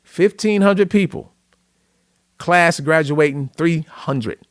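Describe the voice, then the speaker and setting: A middle-aged man from Louisiana, a podcast guest, telling an emotional personal story in an earnest, animated way. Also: a little high, takes it slowly, dry recording, studio quality. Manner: earnest, tearful at moments, animated retelling.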